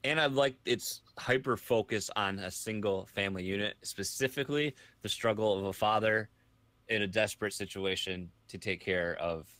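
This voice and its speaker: Bright, lowish male co-host, rambling chat, dry close mic. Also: moderate pace, no room sound. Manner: rambling, many restarts and fillers. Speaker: podcast co-host. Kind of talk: casual chat.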